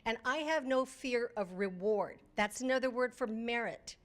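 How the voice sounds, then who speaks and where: A woman who leads a charter school, speaking bluntly in a meeting and arguing her point with halting restarts. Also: on the high side. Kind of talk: meeting discussion. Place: conference room.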